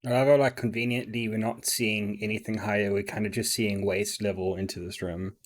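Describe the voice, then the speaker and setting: Very low-voiced woman chatting casually. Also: level tone, fairly quick, a little hiss or hum. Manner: chatty, laughs often, many fillers. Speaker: reaction video host. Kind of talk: casual commentary.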